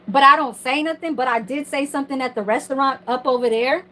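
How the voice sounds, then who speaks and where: A woman's voice: high voice, fast talker, pushed and bright, low-quality recording. A woman ranting on her livestream from home in a casual, heated, profane and rambling way.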